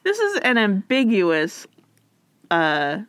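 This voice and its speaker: Playful woman chatting, very animated pitch. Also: takes it slowly, clear, resonant tone, dry recording. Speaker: co-host guessing state mottos. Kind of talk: casual chat.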